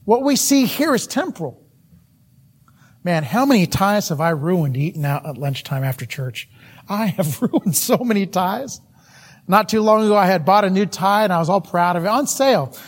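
A middle-aged man preaching a sermon, telling folksy stories about himself and laughing at his own mishaps. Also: high-pitched. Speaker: missionary preacher.

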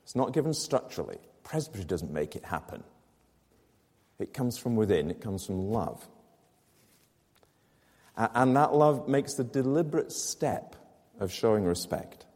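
A man's voice: lowish voice, very animated, moderate pace, pauses often, a little mellow, breathy edge, in a large hall. A man preaching a sermon to his congregation, explaining a scripture passage with rhetorical questions and emphatic repetition. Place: church.

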